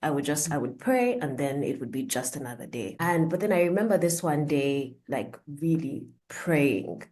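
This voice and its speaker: A woman's voice: sits low, lively intonation, moderate pace, a little mellow. A woman guest on a podcast, telling a personal story in an earnest, reflective way.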